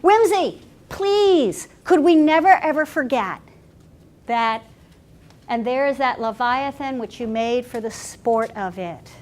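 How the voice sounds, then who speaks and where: A woman pastor telling stories in a workshop talk, animated and chatty with frequent restarts. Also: sits high, slow pace, slight background noise.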